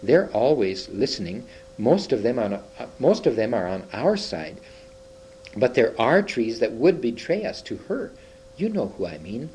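A man voicing a timid, secretive male beaver in a hoarse, throaty whisper, read from a storybook. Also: mid-range voice, sing-song, a little slow, slight background noise, poor audio. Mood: hushed urgent. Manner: hushed and urgent. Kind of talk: reading a storybook aloud.

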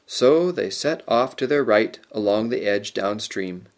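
A man narrating a storybook aloud in a measured, expressive way. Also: on the low side. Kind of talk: storybook reading.

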